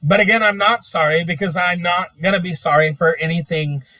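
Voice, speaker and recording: A man's voice: high voice, fairly even intonation, a little fast, pushed and bright, no echo. A man ranting in an exasperated, profane monologue full of repetition. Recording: dry, distant from mic.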